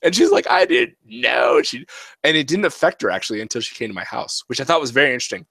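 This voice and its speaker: A man's voice: medium pitch, rapid-fire, gravelly, breathy edge. A man in his thirties chats on a podcast about family life, jumping into quoted dialogue as he tells his stories. The recording is close and dry, with no room echo. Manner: animated storyteller who acts out family dialogue. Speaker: podcast co-host. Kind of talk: casual chat.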